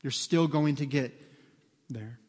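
A man's voice: medium pitch, takes it slowly. Man preaching in a reverberant hall. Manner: conversational, peppers sentences with "okay?" and "right?"; animated storytelling with acted quotes. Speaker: pastor. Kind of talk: sermon. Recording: long reverb of a large hall.

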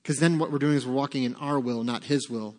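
A man's voice: mid-range voice, quick pace. A man preaching a sermon as pastor, emphatic, acting out quoted prayers and God's replies with rising force. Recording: long reverb of a church hall.

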